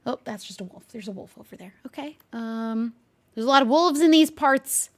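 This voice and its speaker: A woman with a high, light voice streams a game in a loose, chatty way. She is jumpy and easily startled, and she keeps talking to a hidden player she can't spot. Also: expressive, moderate pace. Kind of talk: casual gameplay commentary with light role-play.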